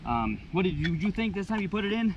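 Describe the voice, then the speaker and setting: A man's voice: high-pitched, big pitch swings, quick pace, muffled recording, heavy background noise. A man hosting a casual, plainspoken gear review while standing in shallow water by a boat. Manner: plainspoken, easygoing, with frequent uhs. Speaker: channel host reviewing gear.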